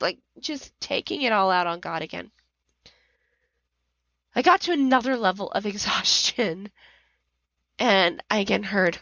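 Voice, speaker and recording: A woman's voice: medium pitch, expressive, measured pace, dry recording, dull audio. A middle-aged woman hosting a podcast, telling a personal story with strong emotion and reliving her anger in raised outbursts. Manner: emotional, rising to near-shouting when reliving anger. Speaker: podcast host.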